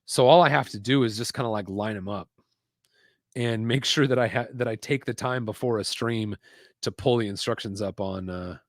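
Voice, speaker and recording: A man's voice: on the low side, moderate pace, dry recording, clean studio sound. A man hosting a casual live stream while building a toy set, chatting loosely and reading out viewer comments. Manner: chatty, rambling, reads chat aloud. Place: home desk setup with screens.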